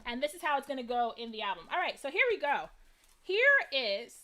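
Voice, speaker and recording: A woman's voice: sits high, brisk. A woman hosting a live crafting stream, chatting casually and animatedly to her viewers. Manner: chatty and animated, many fillers. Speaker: craft livestream host.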